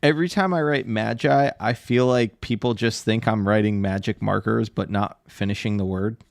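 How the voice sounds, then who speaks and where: On his live art stream, a tattoo artist jokes around with viewers, teasing and laughing frequently in casual chat. His voice leans low and gravelly, with a moderate pace and clean studio sound free of room noise.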